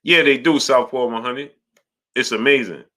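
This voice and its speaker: A man's voice: medium pitch, moderate pace. A man hosting a live boxing talk stream, reading out super chats and arguing his point with repeated "right?" checks. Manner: animated, repetitive, asks "right?" often.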